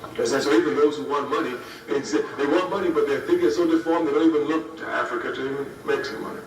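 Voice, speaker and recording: A man's voice: on the high side, rapid-fire, faint music behind. A man in his fifties giving a political speech to students, emphatic and repeating key phrases for effect. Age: 50s. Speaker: speaker addressing students. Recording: roomy, distant archive recording with faint hiss.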